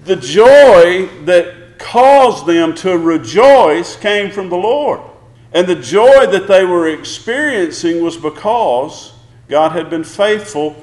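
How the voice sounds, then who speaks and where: A man's voice: sits high, animated, takes it slowly, darkish tone. A man preaching a sermon, emphatic, asking the congregation one question after another. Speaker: pastor. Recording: roomy echo.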